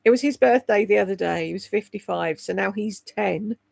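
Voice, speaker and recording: Reading chat on a casual home livestream, a woman from the United Kingdom in her sixties talks fairly quickly in a medium-pitched, gravelly, darkish voice with no echo. She is candid and rambling, laughing often and swearing freely.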